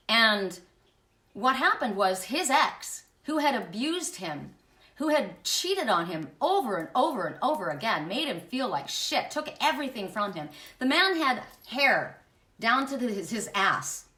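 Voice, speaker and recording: Bright-voiced woman telling a candid story. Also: a little high, roomy sound, recorded from a distance. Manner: emphatic, confiding, with frequent restarts and profanity. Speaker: spiritual channel host.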